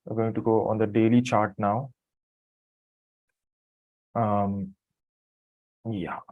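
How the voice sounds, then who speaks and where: A low-pitched man with a sleepy, just-woken voice talks through trading charts live, pausing, apologizing and thinking aloud. The sound is dry and close, picked up by a computer mic with no room echo. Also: little pitch movement, narrow, tinny audio. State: just woke from a nap, morning voice. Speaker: trading streamer. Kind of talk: live market commentary.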